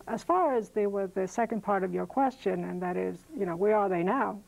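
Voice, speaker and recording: A woman's voice: medium pitch, a little fast, gravelly, a little mellow, poor audio. A woman professor answering interview questions thoughtfully, with frequent fillers and self-corrections.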